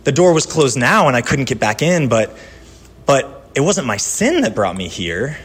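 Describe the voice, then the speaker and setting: A man pastor giving a sermon in a conversational style, telling personal stories and dropping from lively to hushed. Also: mid-range voice, moderate pace, slightly rough.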